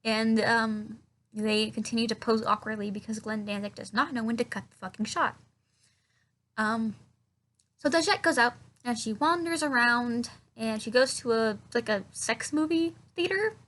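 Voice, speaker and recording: A woman's voice: on the high side, moderate pace, fairly bright tone. A woman recapping a film in a casual, sarcastic way, swearing a lot and mocking the dialogue. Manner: sarcastic, profane, mocking movie dialogue in silly voices. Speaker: film reviewer.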